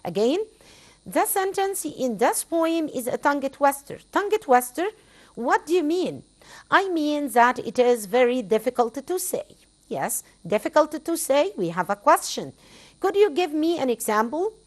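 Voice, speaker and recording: An Egyptian woman, a native Arabic speaker, teaches an English lesson, repeating phrases for her students and slipping into Arabic to explain. Her voice is high-pitched and sing-song, and she takes her time.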